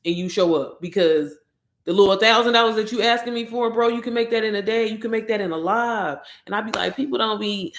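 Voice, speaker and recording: Chatty excitable woman, echoey room. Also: medium pitch, brisk. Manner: excitable, chatty, addresses viewers directly. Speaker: online course promoter. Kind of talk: casual livestream chat.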